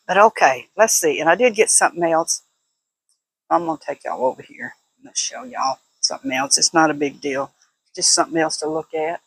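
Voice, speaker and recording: A woman's voice: low voice, big pitch swings, moderate pace, creaky, pauses often, fairly bright tone, breathy edge, no room sound, low-quality recording. An older woman chatting casually to camera as a vlogger, laughing often in a folksy way. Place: at home, walking indoors and out.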